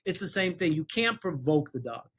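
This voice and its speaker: Higher-pitched man telling a story. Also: very animated, normal speed, fairly bright tone, slightly rough. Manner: chuckles through anecdotes, acts out quoted voices. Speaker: personal injury attorney, podcast co-host. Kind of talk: casual podcast storytelling.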